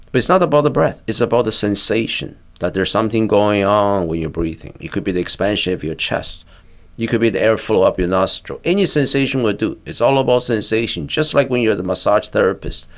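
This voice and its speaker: Older man, gravelly calm teacher. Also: lowish voice. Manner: calm, patient, instructive, with pauses. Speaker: physician and therapist guest. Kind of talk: guiding a mindfulness exercise in conversation.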